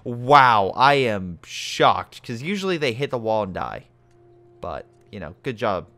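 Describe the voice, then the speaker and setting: Male game caster, average pitch, very lively delivery, casual and profane. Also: a little slow. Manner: animated, swears, talks to the players. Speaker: game commentator. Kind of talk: casual gameplay commentary.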